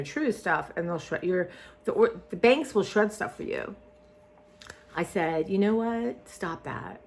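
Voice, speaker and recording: A woman chats casually to her camera. Her voice sits a little low for a woman. She rambles, trails off and restarts her thoughts often. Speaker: vlogger. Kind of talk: casual chat.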